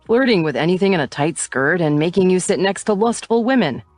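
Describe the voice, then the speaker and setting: A playful young man who teases his old friend, as a woman narrator voices him in an audiobook. Low, light and close to the mic, with faint music behind. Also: expressive, fairly quick, dry recording. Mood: teasing.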